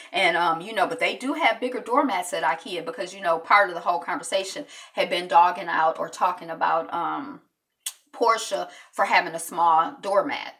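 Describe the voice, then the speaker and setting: A woman's voice: lowish voice, normal speed, a bit bright, distant mic. A woman hosting a casual live stream, rambling through an episode recap with lots of fillers and restarts. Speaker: reality TV recap host.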